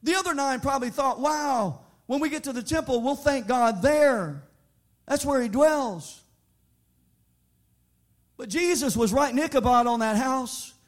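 High-voiced impassioned preacher man. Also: unhurried. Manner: impassioned, rising to shouted sing-song peaks, then quiet teaching; repeats words in restarts. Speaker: pastor. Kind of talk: sermon.

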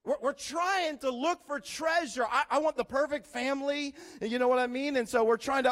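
High-voiced man preaching a lively sermon. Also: fast talker, few pauses. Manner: animated storyteller imitating beeping sounds; swings between loud emphasis and hushed asides. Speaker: pastor.

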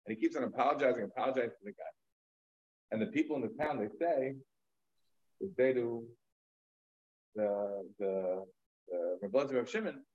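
A man's voice: medium pitch, moderate pace, pauses often, darkish tone, dull audio. A man teaching a Talmud lecture, retelling a story in a conversational way with casual fillers and asides. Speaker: rabbi teaching.

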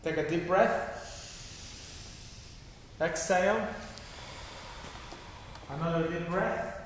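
A man's voice: on the high side, slow. A man teaching a guided laughter meditation class, giving instructions and checking in with a repeated "okay?". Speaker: yoga teacher. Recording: echoey hall with faint noise.

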